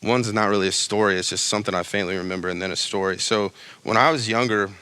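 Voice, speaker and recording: Bright-voiced young man preaching casually. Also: fairly low pitch, quick pace, clean tone, no echo. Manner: casual, animated preaching with slangy asides. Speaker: pastor. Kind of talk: sermon.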